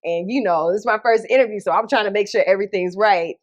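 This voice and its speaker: Animated Atlanta radio host telling stories. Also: female voice, mid-range voice, quick pace. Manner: animated storyteller, acts out quotes. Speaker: radio host, podcast guest. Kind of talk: casual interview chat.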